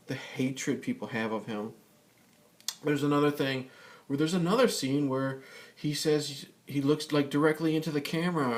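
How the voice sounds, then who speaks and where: A man vlogging a casual rant, swearing often and rambling with many fillers and restarts. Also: mid-range voice. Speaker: YouTube vlogger. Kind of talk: casual ranting vlog.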